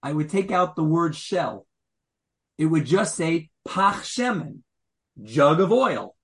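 A man's voice: fairly high pitch, big pitch swings, slow pace. Man teaching a Torah class. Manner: questions the listeners and explains Hebrew wording.

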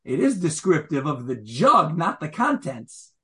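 Male teacher giving a Torah class; slightly high voice; explains Hebrew wording and quizzes the room. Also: very animated, unhurried, a bit bright.

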